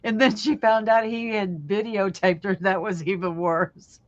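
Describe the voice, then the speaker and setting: Woman co-host, relaxed storyteller with frequent laughs; slow delivery, dry dull stream audio. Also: medium pitch, dry recording. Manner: storytelling, laughs often, acts out voices in retelling. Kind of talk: casual chat.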